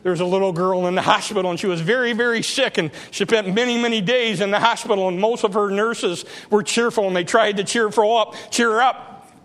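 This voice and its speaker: A male preacher delivering a dramatic sermon, building to shouts and repeating phrases for emphasis. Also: high voice, a little fast, long reverb tail.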